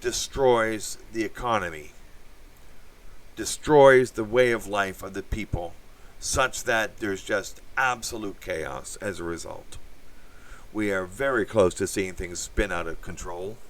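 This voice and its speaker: Blunt, rambling man with a low voice. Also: unhurried, a little hiss or hum. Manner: blunt, profane, meandering with many fillers. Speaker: channel host. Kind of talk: rambling opinion monologue.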